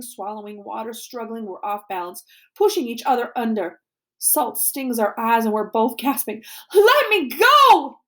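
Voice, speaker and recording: A woman reading a novel aloud to a class, expressive and dramatic, sometimes dropping to a hushed voice. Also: fairly high pitch. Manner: expressive, dramatic, drops to a hushed voice for tense moments.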